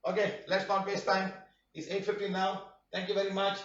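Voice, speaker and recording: A man's voice: high voice, completely flat delivery, a little fast, fairly bright tone. A man teaching a healing workshop who scolds his students and fires off rhetorical questions, often prodding them with "huh?". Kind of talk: live online workshop talk. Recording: roomy, distant, dull-sounding mic.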